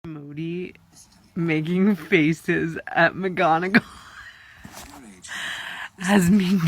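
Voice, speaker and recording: Slow, low-voiced young woman vlogging. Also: slight background noise. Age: 20s. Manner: chatty and dramatic, giggly asides. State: tired. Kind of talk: casual reaction vlog.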